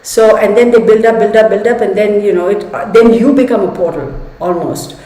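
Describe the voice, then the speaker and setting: A woman hosting a livestream, telling a personal story in an animated, chatty way and speaking straight to her viewers. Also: medium pitch, fairly quick. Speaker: tarot channel host. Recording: echoey room with long reverb.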